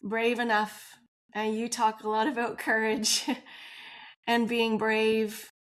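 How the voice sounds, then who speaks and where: A woman's voice: on the high side, monotone, slow. A woman guest on a podcast interview, telling her personal story in an open, earnest way and laughing often.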